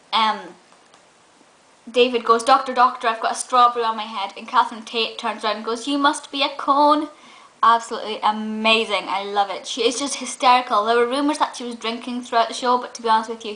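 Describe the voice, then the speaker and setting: A woman chatting through a casual review vlog, gushing and breaking into giggles, with frequent ums. Her voice is bright and sits a little high. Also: poor audio. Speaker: film reviewer and vlogger.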